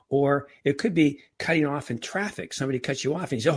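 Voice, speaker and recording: A man's voice: mid-range voice, fast, few pauses, slightly rough. A middle-aged man talking casually as a podcast guest, often restarting and repeating words. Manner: frequent restarts and stammered repeats. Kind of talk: casual interview talk.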